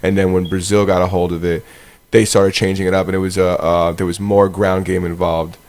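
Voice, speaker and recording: Low-voiced chatty man. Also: little pitch movement, fairly quick, a little mellow. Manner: chatty, interjecting, swears casually. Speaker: podcast co-host. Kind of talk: casual chat.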